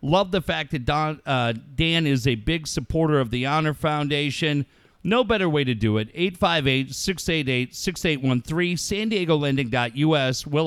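A man's voice: a little high, normal speed, clear, resonant tone, no echo. A man co-hosting a talk show, casually joking and reading mock fan letters for sponsors. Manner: jokey, reads mock fan letters aloud. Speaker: radio show co-host.

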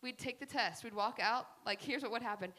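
Bright-voiced woman telling animated stories. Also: fairly high pitch, a little fast. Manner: animated, chatty storytelling with many fillers. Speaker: speaker at a faith gathering. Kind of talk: faith talk with personal stories and slides.

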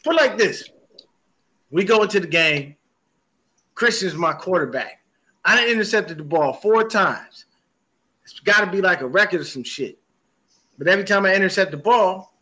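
A man co-hosting a sports podcast, telling animated stories in casual, profane chat. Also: sits high, moderate pace, long pauses. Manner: animated storytelling with heavy cursing. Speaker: podcast co-host.

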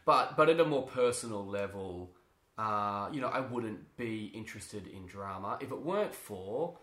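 A man with a fairly low voice chats as an interview guest, telling animated stories and laughing often. He keeps restarting his sentences. The room adds a roomy echo. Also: moderate pace. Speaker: interview guest, drama teacher. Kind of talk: casual interview chat.

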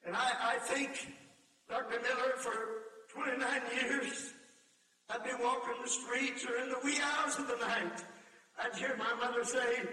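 High-pitched older preacher in a hall. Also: male voice, fairly even intonation, unhurried. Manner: emotional storytelling, breaking into sung hymn lines and shouted appeals. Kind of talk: camp meeting sermon. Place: large meeting hall or tabernacle. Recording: echoey hall, voice from far off.

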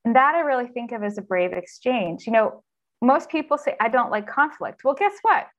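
A woman who coaches executives, talking in an earnest, expressive way as a guest in a conversational interview. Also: a little high, moderate pace, muffled recording. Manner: earnest and expressive, acts out inner voices.

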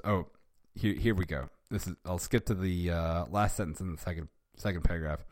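Wry male host reading fan fiction aloud with amused asides, low voice, dry close sound. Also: fairly even intonation, a little fast, no echo. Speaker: reader and host. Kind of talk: casual reading with wry commentary.

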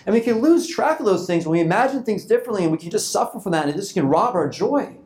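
A pastor with a high, slightly mellow voice preaches in a loose, conversational style at a quick, animated pace. Informal throughout, he often repeats and restarts phrases and acts out quoted thoughts.

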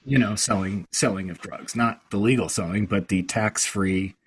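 A man's voice: on the low side, moderate pace, breathy edge, low-quality recording. A man hosting a casual chat, rambling along with many fillers and restarts.

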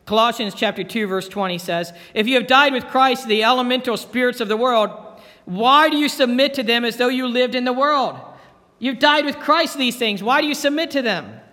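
Male pastor, high voice, earnest sermon delivery, echoes his key lines, long church reverb. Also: a little fast, pushed and bright. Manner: earnest, repeats key phrases for emphasis.

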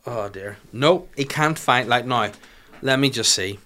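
A man's voice: medium pitch, measured pace, sharp tone. A young man hosting a comedy podcast, chatting in a rambling, sweary, mocking way. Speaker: podcast host. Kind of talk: casual comedic podcast chat.

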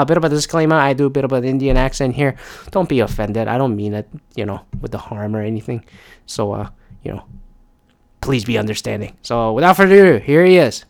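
A man with a smooth, resonant voice hosts a laid-back podcast. He talks off the cuff and rambles loosely from one thought to the next. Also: mid-range voice. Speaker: podcast host. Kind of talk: casual podcast monologue and chat.

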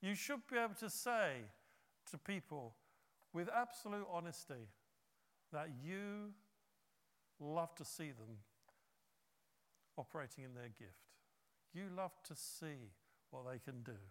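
A man preaching a sermon, telling a story with lively acted-out quotes. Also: on the high side, unhurried, pauses often, big-room sound. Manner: animated storytelling, acts out quotes.

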